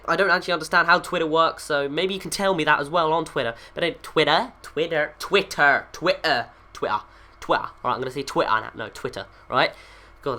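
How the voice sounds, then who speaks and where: A young man hosts his own video, talking straight to viewers in a loose, rambling way. He keeps tripping over his words, correcting himself and cracking jokes. His voice sounds bright and a little sharp, and he is just over being sick. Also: fairly high pitch. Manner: rambling, self-correcting, jokey. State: recovering from illness. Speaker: YouTube video host. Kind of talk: casual rambling outro to viewers.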